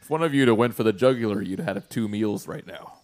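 A man's voice: lowish voice, fairly quick, darkish tone, voice pushed down, natural voice. A man playing Mendel, a competitive, brash adventurer who gives blunt advice.

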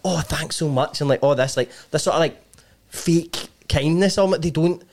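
A man's voice: on the high side, moderate pace, a little hiss or hum. A man with a Scottish accent hosting a podcast, asking loose, rambling questions full of fillers. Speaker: podcast host. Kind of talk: casual chat.

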